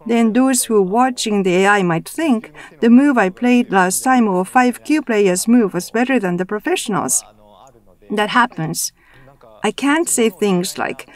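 A woman interpreting a roundtable discussion into English as a voice-over, speaking in a measured, even way with the odd restart. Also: medium pitch.

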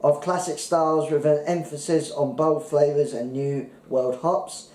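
A man co-hosting a casual beer tasting podcast, who reads the labels out haltingly and stumbles over the words. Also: fairly high pitch, flat delivery, a little mellow, roomy sound, rough recording. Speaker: podcast co-host.

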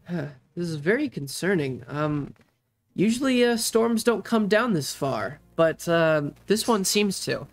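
A man's voice: high-pitched, expressive, a little slow. A man voicing a doting, playful father in a tabletop role-play game, speaking in an affectionate, upbeat way. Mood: fond. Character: doting playful middle-aged human father.

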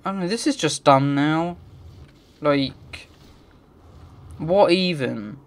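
A man's voice: a little high, lively intonation, slow pace. A man giving let's play commentary, muttering to himself and swearing in frustrated rants. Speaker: gamer.

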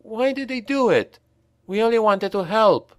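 A male narrator voicing a frightened young man who wails and sobs in a high, strained voice. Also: lively intonation, unhurried, no echo, studio quality. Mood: distressed. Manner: high, wailing and panicky.

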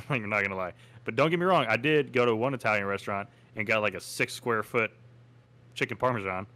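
A man's voice: fairly low pitch, fairly quick, pushed and bright. A young man from Texas co-hosting a casual podcast, easygoing and jokey. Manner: easygoing, jokey, laughs often. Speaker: podcast co-host. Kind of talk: casual chat.

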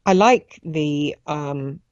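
A woman guest on a radio show, recounting a personal experience in a halting way as she searches for words. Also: low voice, dry recording, lo-fi sound.

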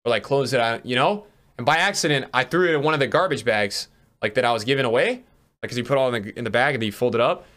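A man's voice: mid-range voice, fast talker. A young man streaming a football video game, commenting casually, swearing often and talking to his chat. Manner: excitable, swears a lot, talks to chat. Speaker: gaming streamer.

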